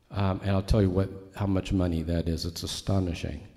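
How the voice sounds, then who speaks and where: A man's voice: low voice, fairly even intonation, fairly quick, hardly any pauses, warm tone. A man preaching a sermon as a pastor, teaching in a conversational way with asides to his congregation.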